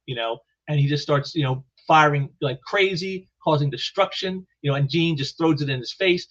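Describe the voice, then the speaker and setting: A man's voice: a little high, normal speed, few pauses, a bit bright. A man reviewing comic books in casual solo commentary, rambling and restarting with lots of "you know" fillers. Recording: muffled lo-fi recording.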